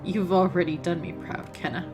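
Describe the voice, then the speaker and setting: A woman voicing a dying older male knight, speaking weakly and tenderly in halting phrases over faint music. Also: fairly low pitch, fairly even intonation, pitched below the performer's own voice, lightly acted.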